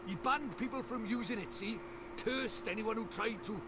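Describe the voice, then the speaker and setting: A man's voice: high-pitched, normal speed, lightly acted. An actor voicing a cheeky, chatty little male fairy sidekick with a Welsh accent, in video game dialogue, bossy and sing-song. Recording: game audio with loud background noise.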